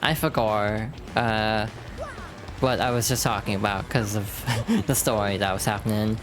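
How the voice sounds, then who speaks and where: A woman streamer chatting casually over gameplay, self-deprecating and relaxed. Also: a bass voice, measured pace, music in the background. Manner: chatty, self-deprecating, reads game text aloud.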